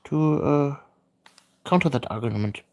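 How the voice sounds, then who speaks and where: A woman chatting casually on a livestream while painting miniatures, hesitant and full of filler pauses. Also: sits low, darkish tone.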